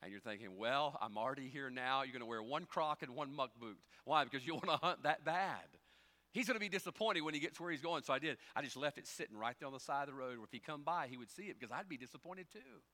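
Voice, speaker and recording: Man, pastor, sermon, folksy storytelling, rising loud exhortation, higher pitch. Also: lively intonation, fast talker. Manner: swings from quiet storytelling to loud, climbing preaching; folksy, conversational preaching with rhetorical questions.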